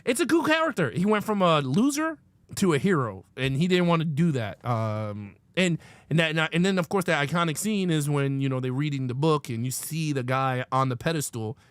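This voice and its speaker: A man co-hosting a casual film review chat, retelling favorite scenes with animated enthusiasm and casual swearing. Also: a little high, a little fast, no room sound. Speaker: podcast co-host.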